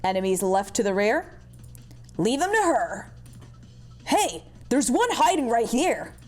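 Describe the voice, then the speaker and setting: A woman voicing a composed adult female squad leader who gives calm, commanding orders. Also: a little high, a little slow, faint music behind.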